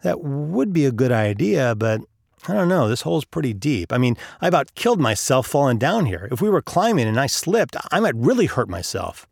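A man voicing a stubborn, fearful man stuck in a hole, pitching his voice up and whining. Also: sing-song, brisk, gravelly, no room sound, studio quality. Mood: excuse-making. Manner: whiny, raises his pitch for the character.

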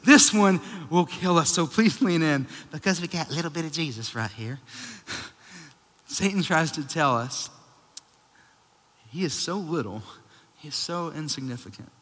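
A man's voice: on the high side, animated, normal speed, pauses often, a bit bright. A young man preaching a sermon, conversational and joking, building to emphatic peaks. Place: church hall. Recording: long hall reverb.

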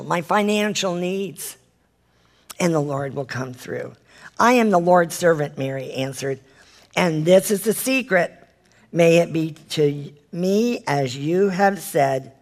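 A Bible study leader with a medium-pitched voice reads scripture aloud and preaches, earnestly asking listeners direct questions. Now and then he stumbles and corrects the reading.

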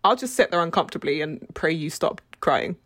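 A woman's voice: deep voice, expressive, a little fast, fairly bright tone, dry recording. Podcast co-host: young woman, self-deprecating storyteller, dry close mic. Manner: awkward, self-deprecating storytelling with frequent laughs. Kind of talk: casual chat.

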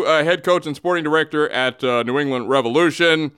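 A man's voice: a little high, brisk, fairly bright tone, clean tone. A man hosting a comedic sports show, loose and self-mocking, who keeps cracking up while reading the news. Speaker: podcast host and news reader.

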